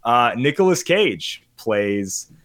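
A man's voice: mid-range voice, sing-song, slow, fairly bright tone. A man chatting casually on a podcast about movies he watched, rambling, getting sidetracked and laughing often. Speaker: podcast host. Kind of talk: casual movie review chat.

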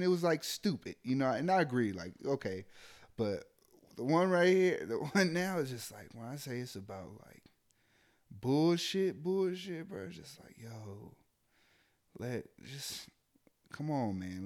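A young adult man, an army sergeant, venting bluntly and profanely in casual chat. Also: mid-range voice.

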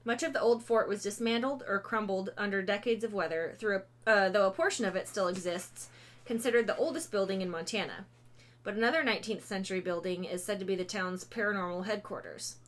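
A woman of ordinary pitch hosts a relaxed podcast chat. She reads ghost lore aloud in an easygoing way, stumbling over words, correcting herself and scattering ums through the text. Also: fairly quick. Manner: reads aloud with many fillers and self-corrections, breaks off to laugh and joke. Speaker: podcast host. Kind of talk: casual chat, reading ghost stories aloud.

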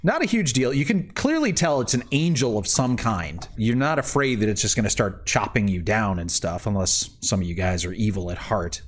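A man running a tabletop game as dungeon master over voice chat, relaxed and hesitant, with many fillers and restarts. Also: on the low side, moderate pace, few pauses.

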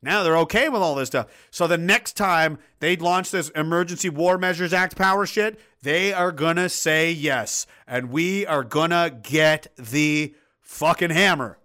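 A man's voice: fairly high pitch, unhurried, sharp tone. A man hosting a livestream, ranting in crude, mocking, blunt commentary and reading out viewer comments. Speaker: livestream host reading chat.

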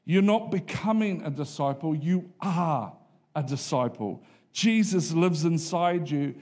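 Storytelling male preacher, slightly high voice. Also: a little slow, a little mellow. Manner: conversational storytelling preaching, self-deprecating humour. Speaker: pastor. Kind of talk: sermon.

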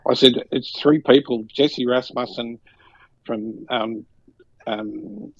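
A man's voice: medium pitch, takes it slowly, gravelly, no echo, dull audio. A man telling long, rambling anecdotes in casual chat, acting out the voices of people he quotes. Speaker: guest.

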